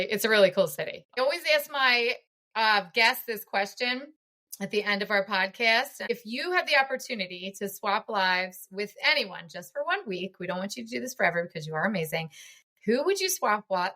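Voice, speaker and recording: A woman's voice: mid-range voice, lively intonation, normal speed, sharp tone. A woman in her forties hosting a podcast interview, talking in an effusive, chatty way full of praise. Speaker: podcast host. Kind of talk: casual interview chat.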